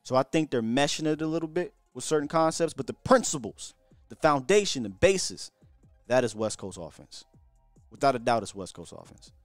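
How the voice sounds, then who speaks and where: A man hosting a casual live sports stream, talking in an animated way with repeats and slang from a hotel room. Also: medium pitch, a little fast, dry recording, faint music behind. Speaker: sports show host.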